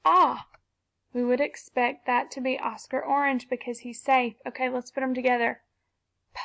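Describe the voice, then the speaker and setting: Slow, high-voiced woman teaching phonics. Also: creaky, a bit bright. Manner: slow, patient, sounding out syllables. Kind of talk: phonics lesson for young children.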